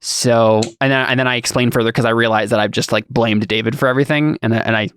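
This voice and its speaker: A man's voice: medium pitch, steady tone, quick pace, fairly bright tone, clear, resonant tone, no echo. Guy playing a tabletop game, stumbles n repeats himself, dead dry room. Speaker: player.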